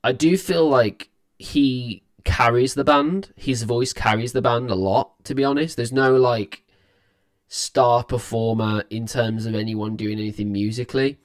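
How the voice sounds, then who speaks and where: A man's voice: medium pitch, measured pace. A tired young man talks through his reaction to a song in a loose, rambling way. He stops and restarts often, keeping things casual and friendly as the channel's host. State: tired, yawning.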